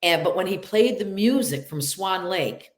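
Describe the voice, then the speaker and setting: A woman's voice: on the low side, lively intonation, moderate pace, roomy sound. Nasal upstate new york woman, chatty. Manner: chatty, laughs often, acts out quotes. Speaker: actress guest. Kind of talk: casual interview chat.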